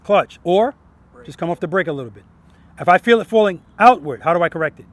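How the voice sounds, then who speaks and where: High-voiced man coaching riders outdoors. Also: expressive, fast. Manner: coaching, asks the group questions and ends points with "right?". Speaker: motorcycle riding instructor. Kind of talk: outdoor riding lesson to a group. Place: outdoor practice lot.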